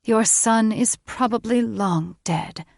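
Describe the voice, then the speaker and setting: A cold, condescending fae queen, as a woman narrator puts her on hands down clipped orders in a slightly raised, commanding voice. The delivery is measured and unhurried. The sound is dry and close, with no room around it. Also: on the high side, gravelly, a little mellow, no room sound, pitched above the performer's own voice. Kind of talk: audiobook character voice.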